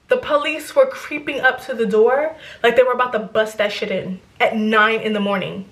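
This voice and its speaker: Rambling, animated young woman vlogger. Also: fairly high pitch, moderate pace, hardly any pauses, reverberant. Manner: animated, rambling, swears freely. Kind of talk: casual storytime chat.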